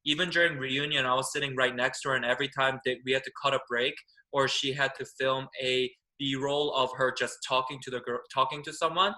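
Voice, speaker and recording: A man's voice: medium pitch, fairly even intonation, a little fast, hardly any pauses, pushed and bright, poor audio. A man guest reminiscing in casual chat about a friendly experience. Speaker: guest drag performer.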